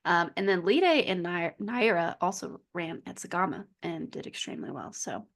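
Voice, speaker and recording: A woman's voice: on the low side, moderate pace. A woman co-hosting a podcast in casual chat, chatty, with frequent laughs and fillers. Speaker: podcast co-host.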